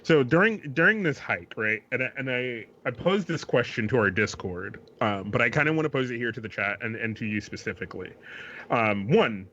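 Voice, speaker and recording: A man co-hosting a podcast who rambles along, swears freely and restarts his sentences. His voice sits in the middle range of pitch. The recording sounds slightly dull and lo-fi, as if from a cheaper mic. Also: lively intonation, fairly quick, pushed and bright, slight background noise. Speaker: podcast co-host. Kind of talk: casual podcast banter.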